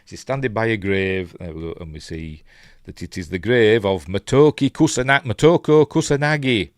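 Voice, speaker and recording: In studio-quality audio with no room sound, a film reviewer from Yorkshire speaks in a lowish voice at normal speed. Hosting a relaxed live breakdown of a film, he wanders off topic, muses aloud and reads out comments from viewers.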